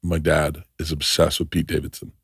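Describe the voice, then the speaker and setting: A man in his fifties hosting a podcast, telling profane, excitable stories in casual studio chat. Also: rumbling low, moderate pace, slightly rough, no echo. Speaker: podcast host.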